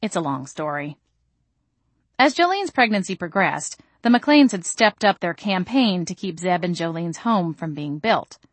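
A woman narrating a first-person audiobook with a wry, deadpan delivery. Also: on the low side, measured pace, no room sound.

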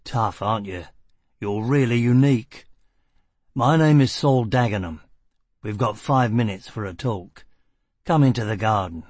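A man voicing a self-assured, menacing male boss who talks in a brisk, mocking way. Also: on the low side, a little mellow, dry recording.

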